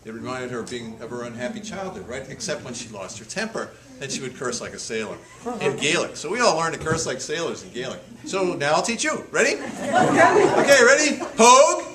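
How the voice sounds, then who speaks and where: A man's voice: medium pitch, sing-song, a little fast, crowd noise. A man giving a humorous storytelling talk to a live audience. He laughs often and repeats words as he restarts his sentences. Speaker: author giving a public talk. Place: senior center hall with an audience. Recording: echoey hall, loud audience laughter and noise.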